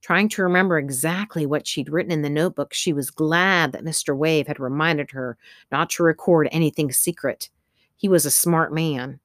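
Low-voiced woman reading a story out, steady and even, dry close mic. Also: normal speed, no room sound. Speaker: audiobook narrator. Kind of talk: scripted narration.

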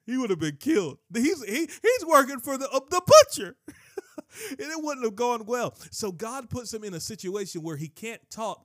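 A man preaching a sermon, emphatic and animated, with frequent asides to the listeners and bursts up to shouting. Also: on the high side, no room sound, studio quality. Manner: frequent asides to the congregation like "watch this".

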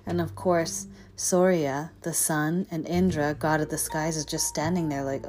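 Low-voiced woman telling a myth. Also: measured pace, hardly any pauses. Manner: expressive, drops to whispers. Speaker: storyteller. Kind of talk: dramatic storytelling. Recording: guitar music behind.

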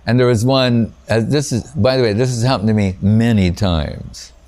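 A man's voice: medium pitch, normal speed, darkish tone. A man with a mid-range voice gives an informal spiritual talk as a teacher. He rambles through anecdotes, often breaking off mid-thought and restarting, with "you know" scattered throughout. He chuckles at his own stories.

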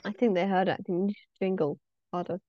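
A woman's voice: medium pitch, steady tone, quick pace, lo-fi sound, heavy background noise. A teenage girl from England, a podcast guest, chatting in a playful, giggly, teasing way. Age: teen. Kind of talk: casual chat.

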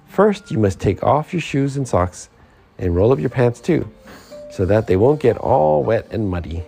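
A man voicing a kind, patient father in a storybook, speaking gently and reassuringly, close to his own voice. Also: medium pitch, big pitch swings, moderate pace, vocal fry, soft background music. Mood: gentle. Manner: gentle, reassuring, matter-of-fact. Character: kindly, patient father digging clams.

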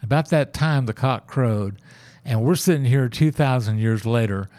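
A man's voice: medium pitch, moderate pace, darkish tone. A man telling a Bible story and his own faith story in a casual, folksy way, acting out the lines he quotes. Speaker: church member sharing his faith story.

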